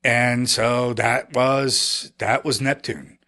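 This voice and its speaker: Businessman guest, telling stories in a halting, rambling way. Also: mid-range voice, steady tone, bright, forceful tone. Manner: rambling, halting, with many restarts and quoted dialogue. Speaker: podcast guest, chemical company founder. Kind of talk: casual storytelling interview.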